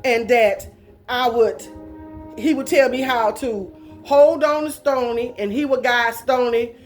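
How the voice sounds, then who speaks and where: High-voiced woman telling folksy stories. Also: a little slow, soft background music. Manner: folksy, colloquial and dramatic, with laughs. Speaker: storyteller. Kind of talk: casual personal storytelling.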